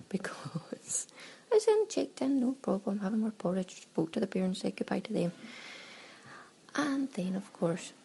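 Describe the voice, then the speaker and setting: Laughing a lot and slipping into quoted exclamations to act out small exchanges, a Scottish woman chats her way through a travel audio diary. Her voice is medium in pitch, gravelly, husky and a little mellow, and the recording quality is low.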